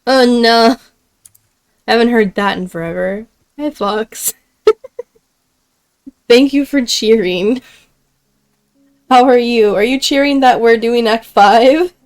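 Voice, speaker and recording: A woman's voice: a little high, slow, pauses often. A young woman streaming a game, chatting casually with viewers, reading chat aloud and giggling often.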